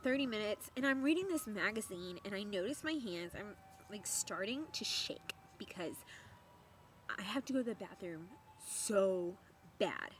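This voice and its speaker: A young woman vlogger telling a story to camera in a chatty, animated way, laughing often and repeating words for emphasis. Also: mid-range voice, moderate pace, slight background noise.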